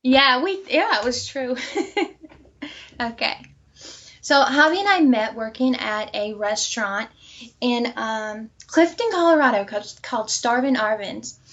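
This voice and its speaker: A woman being interviewed, telling a personal story and acting out quoted dialogue with lively energy. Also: fairly high pitch, measured pace, highs cut off. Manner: animated, acts out quoted dialogue.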